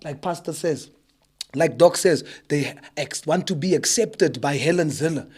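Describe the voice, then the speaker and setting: A South African man talks politics in an impassioned, high-pitched voice. He keeps firing rhetorical questions at the listener and drops Afrikaans phrases into his talk. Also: measured pace, a little mellow, breathy edge. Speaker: politician guest.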